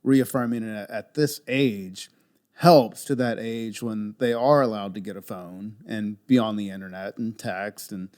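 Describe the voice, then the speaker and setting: A man's voice: on the low side, unhurried, darkish tone. A man in his thirties in casual podcast conversation, easygoing and laughing along often. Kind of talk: casual chat.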